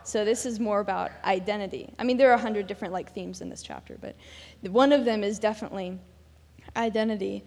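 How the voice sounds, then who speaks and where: A young woman gives a casual church devotional with plenty of ums and uhs. Her voice sits in a middle pitch and carries a long reverb, as if she is in a large hall. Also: brisk, creaky, darkish tone. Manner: chatty, self-deprecating, with many fillers. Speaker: devotional speaker.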